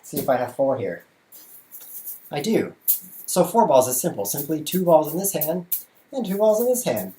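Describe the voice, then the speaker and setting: A man's voice: fairly high pitch, big pitch swings, normal speed, long pauses, warm tone, a little hiss or hum. A man hosting a casual livestream from his bedroom, jokey and playful, talking through what he does as he juggles. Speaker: chess streamer and show host. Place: bedroom at home.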